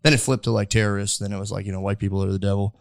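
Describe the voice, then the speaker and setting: Fast-talking young man, rambling podcast host. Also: on the low side, little pitch movement, creaky, no room sound, studio quality. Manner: rambling, lots of filler likes. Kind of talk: casual chat.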